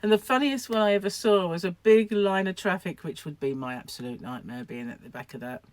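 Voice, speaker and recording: A woman's voice: lowish voice, no echo. Chatty older woman rambling dryly. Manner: rambling, chatty, self-deprecating, laughs often. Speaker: vlogger, craft shop owner. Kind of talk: casual chat to camera.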